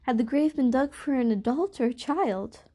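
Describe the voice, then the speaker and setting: A woman reading an audiobook, voicing a grim, superstitious household cook who speaks in a hushed tone. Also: sits high, normal speed, pitched above the performer's own voice. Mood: ominous. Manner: hushed, ominous.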